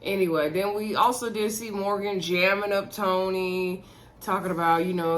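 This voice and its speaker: A woman's voice: mid-range voice, steady tone, normal speed, a bit bright, slight background noise. A woman recapping a reality show episode in a chatty, sassy way, talking straight to her viewers and laughing between remarks. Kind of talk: casual episode recap commentary.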